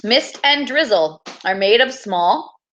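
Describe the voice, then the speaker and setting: A woman teacher running a classroom quiz review, upbeat and teasing, reading each answer choice slowly and clearly. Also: fairly high pitch, animated, fairly bright tone, poor audio.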